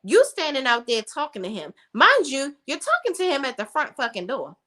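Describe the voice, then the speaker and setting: A woman's voice: high-pitched, wildly swooping pitch, moderate pace, few pauses, pushed and bright. Blunt opinionated woman recapping TV. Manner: acts out characters' lines. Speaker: reality TV recap host. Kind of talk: casual TV recap vlog.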